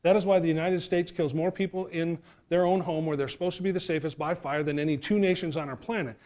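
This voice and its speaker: A middle-aged man from New York giving an animated fire safety talk, acting out the voices in his stories. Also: a little high, quick pace. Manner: animated, acts out quoted voices.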